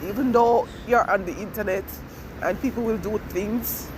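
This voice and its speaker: A man's voice: sits high, moderate pace. A man with a Jamaican accent crying as he speaks about his feelings while riding a train, his talk tearful and heartfelt. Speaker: immigrant sharing feelings. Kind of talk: emotional personal monologue. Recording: loud vehicle noise behind.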